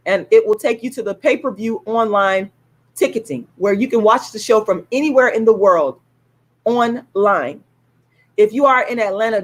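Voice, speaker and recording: A woman ranting on a livestream, heated and indignant, swearing and repeating herself as she promotes her own show. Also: a little high. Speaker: YouTube live streamer promoting her own play. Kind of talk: angry livestream rant, then ticket promotion.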